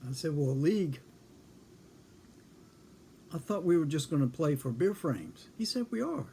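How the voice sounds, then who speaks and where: A man's voice: fairly high pitch, expressive, measured pace, dark tone, a little hiss or hum. Folksy man telling a dry anecdote. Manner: folksy, dry, acts out both sides of a conversation. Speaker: storyteller. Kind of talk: casual spoken anecdote.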